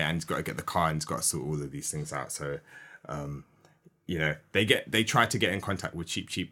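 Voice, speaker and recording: A man hosting a podcast, casually retelling a story scene by scene with lively asides. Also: low voice. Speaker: podcast host. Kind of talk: animated storytelling, casual chat.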